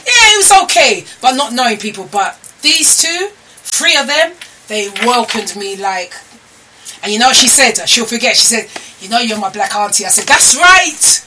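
A woman's voice: fairly high pitch, expressive, normal speed. Chatty woman live streaming. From London. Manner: chatty storyteller with exclamations and laughs. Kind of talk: casual live stream chat. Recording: slightly distant mic with noise.

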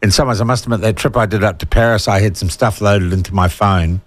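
A man's voice: fairly low pitch, fast, no echo. A man hosting talkback radio, chatting with callers and reading out listener texts in a jokey manner.

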